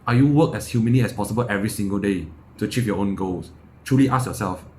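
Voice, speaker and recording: A man's voice: lowish voice, quick pace, darkish tone, a little hiss or hum. A young man from Malaysia giving a blunt, impassioned motivational monologue, swearing, firing off rhetorical questions and repeating his words. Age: young adult. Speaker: self-improvement YouTuber.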